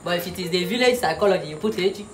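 A woman's voice: fairly low pitch, racing. Mock-bossy woman as a comic teacher, noisy room behind her. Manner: mock-authoritative, teasing, repeats words with laughs. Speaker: comedian playing a teacher. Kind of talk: comic classroom sketch. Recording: noisy background.

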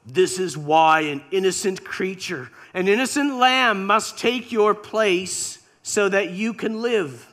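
A man voicing a sorrowful, gentle God. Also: high voice, slow, few pauses. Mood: sorrowful, solemn.

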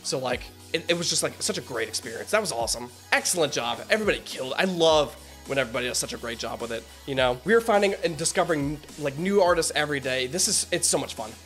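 An excitable man reacting to music, gushing and laughing between lines in loose, casual commentary. His voice sits a touch high, and faint music hums behind him. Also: quick pace, hardly any pauses. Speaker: reaction video host.

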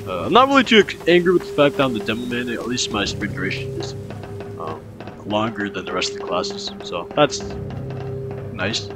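This young man's voice sits fairly low and has a sing-song lilt as he narrates his gameplay at a moderate pace with music behind him. His casual commentary wanders and repeats, broken up by sudden startled outbursts.

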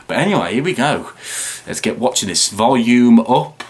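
A tired man hosting a video reaction, rambling and chatting with frequent excited remarks and laughs. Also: mid-range voice, fast. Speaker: reaction channel host. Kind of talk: casual video reaction commentary.

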